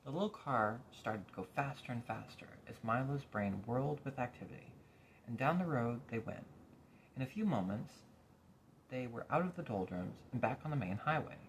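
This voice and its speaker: Male audiobook reader, expressive and lively, faint noise behind. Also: mid-range voice, moderate pace. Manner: expressive storytelling. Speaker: storyteller. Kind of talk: reading a novel aloud.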